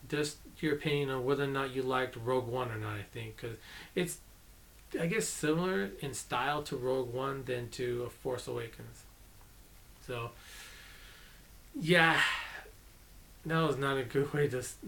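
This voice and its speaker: A man's voice: mid-range voice, creaky, a bit bright. A man giving a casual, rambling movie review, enthusiastic and often correcting himself mid-sentence.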